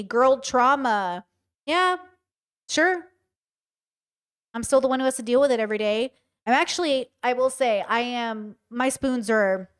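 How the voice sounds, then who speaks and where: Smooth-voiced blunt woman streamer. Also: fairly high pitch. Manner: emphatic and blunt, talks straight to chat. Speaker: streamer reacting to a show. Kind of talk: casual live commentary.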